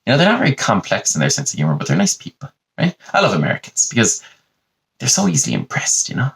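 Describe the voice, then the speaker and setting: A man's voice: mid-range voice, wildly swooping pitch, fast talker, gravelly, a bit bright. A man with an Irish accent hosting a podcast, telling a digressive comic monologue full of "you know" asides. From Ireland. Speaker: podcast host.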